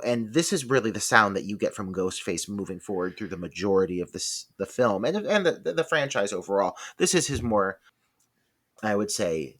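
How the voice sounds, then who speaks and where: A man's voice: fairly low pitch, sharp tone. A man co-hosting a film podcast, talking casually and swearing freely. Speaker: podcast co-host.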